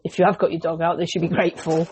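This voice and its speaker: A woman with an English accent, co-hosting a casual podcast chat, talking in a chatty, lively way and slipping into quoted voices. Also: fairly low pitch, very fast, slight background noise. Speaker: podcast co-host.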